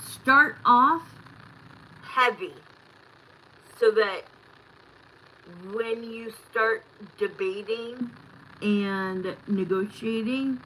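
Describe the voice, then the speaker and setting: A woman's voice: medium pitch, fairly bright tone, a little hiss or hum, poor audio. A middle-aged woman hosting a live tarot stream, chatting casually and bluntly with viewers and swearing now and then.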